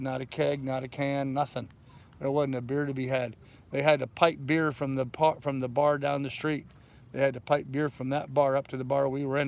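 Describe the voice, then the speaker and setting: An older man, a sailing vlogger, chats casually on a live stream from his boat in a bay, telling rambling stories. His voice is mid-range with vocal fry.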